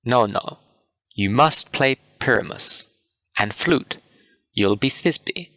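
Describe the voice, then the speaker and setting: A man reading the part of a patient carpenter who runs a play and hands out roles, in an orderly, calm manner, in a storybook reading. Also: mid-range voice, slow pace, dry recording, full character voice. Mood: organizing.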